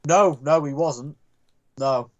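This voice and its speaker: A man's voice: on the high side, takes it slowly, dull audio. A young man in casual chat, tossing in drawled jokes and interjections.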